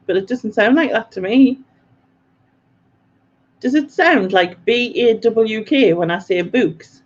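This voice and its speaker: A woman's voice: medium pitch, lively intonation, measured pace, pauses often, darkish tone, lo-fi sound. A woman hosting a live quiz stream, chatty and self-mocking, laughing often as she reads out viewer comments. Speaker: quiz host.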